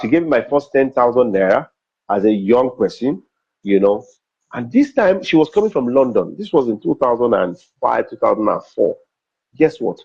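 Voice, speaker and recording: A man's voice: on the low side, mellow, slightly rough. A middle-aged man with a Nigerian accent, a comedian and MC telling personal stories in an interview, acting out dialogue and repeating phrases for emphasis. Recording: dull, slightly lo-fi recording.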